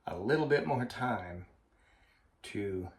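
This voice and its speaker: A man vlogging in a slow, halting, heartfelt way, with a frequent cough. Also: lowish voice, lively intonation. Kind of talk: personal vlog monologue. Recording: roomy echo.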